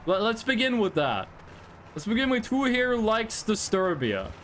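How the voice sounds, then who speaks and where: A man's voice: high-pitched, sing-song, measured pace, a bit bright, a little hiss or hum. A young man from Norway, a native Norwegian speaker, chatting casually and rambling to his live-stream viewers while he plays. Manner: rambling, chatty, talks straight to chat.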